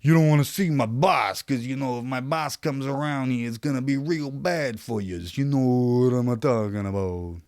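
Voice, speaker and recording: A man doing a loud blustering tough-guy henchman. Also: medium pitch, normal speed, few pauses, pitched above the performer's own voice, close to an everyday voice. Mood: menacing, blustery. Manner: blustering, threatening, mock street accent.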